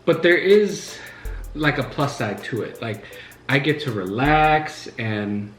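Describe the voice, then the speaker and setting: A man's voice: medium pitch, animated, takes it slowly, fairly bright tone. A man hosting a casual chat at home while eating, telling stories in a rambling way with lots of fillers. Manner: rambling, filler-heavy storytelling. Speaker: host. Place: living room at home. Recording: echoey room, faint music.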